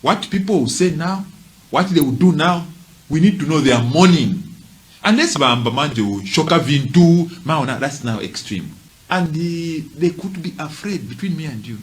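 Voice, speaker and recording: A man's voice: on the high side, lively intonation, moderate pace. A man giving emphatic, impassioned commentary, repeating his points and throwing in rhetorical asides. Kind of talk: impassioned commentary, mixing languages.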